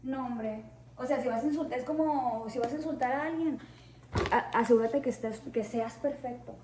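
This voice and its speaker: A woman telling a storytime to her audience in a blunt, profane, animated way. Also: a little high, fairly quick. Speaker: storytime vlogger. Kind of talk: casual storytime. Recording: background noise.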